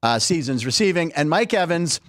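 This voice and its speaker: A man's voice: on the high side, a little fast, dry recording. A middle-aged man hosting a sports show, telling stories in a chatty, joking way. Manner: chatty, jokey, animated storytelling. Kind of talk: casual sports talk.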